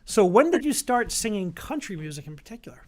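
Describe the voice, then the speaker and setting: A man hosting an interview, asking questions with friendly, relaxed asides. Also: high-pitched, a little fast. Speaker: podcast host, professor. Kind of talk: casual interview.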